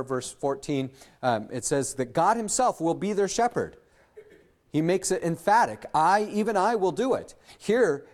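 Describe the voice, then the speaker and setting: A man preaching an earnest sermon as a pastor, often pausing with fillers and restarting his sentences. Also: on the high side, a little mellow.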